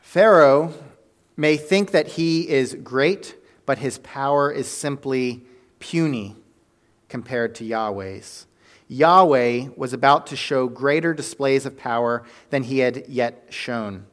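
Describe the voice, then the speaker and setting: Man preaching with lively storytelling. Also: mid-range voice, takes it slowly. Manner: animated storytelling with fillers and self-corrections. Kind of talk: sermon.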